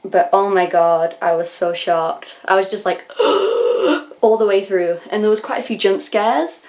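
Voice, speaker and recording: A young English woman talking casually in a video diary, gushing and excitable, often sighing and sometimes dropping to a hushed near-whisper. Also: mid-range voice, moderate pace. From England. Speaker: vlogger.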